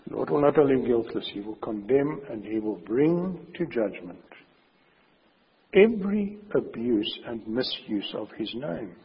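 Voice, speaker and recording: Husky-voiced male preacher in a reverberant hall. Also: medium pitch, sing-song. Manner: emphatic, slows down to stress warnings. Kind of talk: sermon. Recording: dull recording with long hall reverb.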